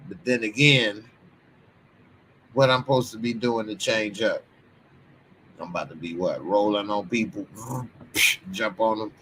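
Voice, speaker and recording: A man's voice: medium pitch, a little slow, a little hiss or hum. A man from Texas, hosting a casual commentary stream and chatting loosely through viewer comments in slang. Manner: loose, slangy, chatty asides with sudden loud bursts. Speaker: commentary channel host.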